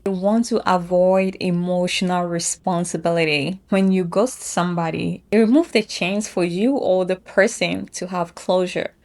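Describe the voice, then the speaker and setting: A woman's voice: lowish voice, a little mellow. A woman hosting a casual explanatory commentary in a chatty way, correcting herself now and then. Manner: chatty, self-correcting, laughs at own phrasing. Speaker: host.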